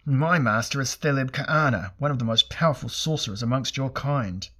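A man's voice: mid-range voice, a little slow, creaky. Hissing scaly demon guardian, as a man reads it. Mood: boastful.

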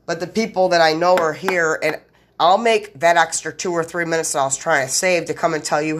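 A woman's voice: low voice, slight background noise. Blunt, profane woman on a solo podcast. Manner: profane, blunt, talks straight to listeners; fast run-on sentences. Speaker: podcast host. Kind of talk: rambling solo podcast monologue.

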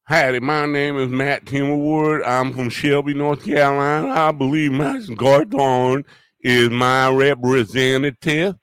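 A man voicing a brash, loudmouthed Southern prank caller who boasts and stumbles over his words. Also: mid-range voice, unhurried, clear, resonant tone, pitched above the performer's own voice, natural voice. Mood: blustering. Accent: put-on American Southern. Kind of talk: prank phone call.

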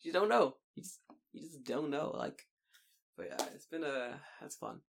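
A young British man in casual podcast chat, telling lively stories with frequent laughter and casual swearing. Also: a little high, moderate pace, gravelly, background noise. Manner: animated storytelling, laughs often, swears casually.

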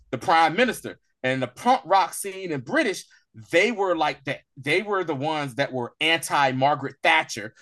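A podcast co-host chats casually in review mode, his voice a bit high for a man. He rambles loosely with fillers and often leaps into excited, laughing impressions of the characters.

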